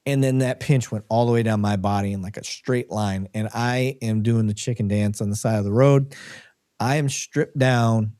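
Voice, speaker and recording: A middle-aged man co-hosting a live podcast, telling a story in a casual, animated way with bursts of laughter. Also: lowish voice, moderate pace, no room sound, studio quality. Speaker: podcast co-host.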